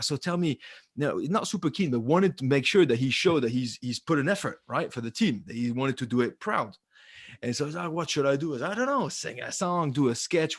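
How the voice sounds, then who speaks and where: A man's voice: mid-range voice, slightly rough, no room sound. Man telling stories, dry close sound. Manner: lively anecdotal storytelling. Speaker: podcast co-host, former rugby player. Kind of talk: casual podcast chat.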